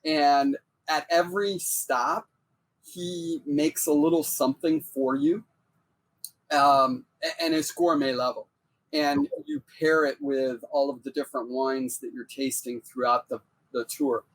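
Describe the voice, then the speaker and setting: A chatty man co-hosts a food podcast in a relaxed, playful way. He talks over a video call, his voice sitting a little above the usual male pitch. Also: a little slow, creaky. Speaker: podcast co-host. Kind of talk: casual interview chat.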